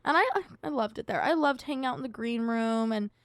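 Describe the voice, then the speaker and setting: A young woman co-hosting a podcast, telling stories in a lively, animated way. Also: on the high side, quick pace, no room sound, studio quality. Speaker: podcast co-host. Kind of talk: casual chat.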